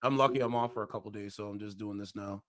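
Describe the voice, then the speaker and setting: A man hosting a casual chat in a relaxed, laid-back way, listening and adding his own thoughts. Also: lowish voice, fast talker, no echo, clean studio sound. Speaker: podcast host.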